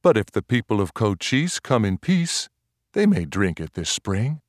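A man's voice: lowish voice, very animated, measured pace, no room sound, studio quality. A man voicing a stubborn, brave young frontier mother who speaks firmly and plainly. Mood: firm, defiant.

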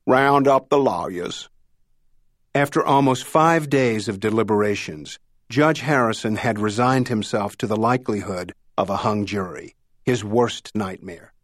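A man's voice: mid-range voice, no echo. Male narrator with a dry, close sound. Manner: measured storytelling delivery. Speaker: audiobook narrator. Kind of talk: scripted narration.

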